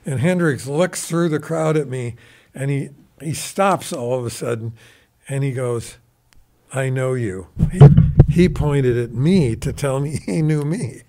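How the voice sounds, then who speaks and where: Older male guest, unhurried raconteur. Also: mid-range voice, a little mellow, slight background noise. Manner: rambling anecdotal, mimics quoted voices. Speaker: guest musician. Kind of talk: casual storytelling.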